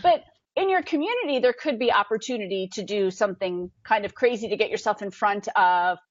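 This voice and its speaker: A woman guest telling an excited story, acting out quotes with big jumps in her voice. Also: medium pitch, brisk, dry recording, dull audio. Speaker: podcast guest. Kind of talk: animated storytelling.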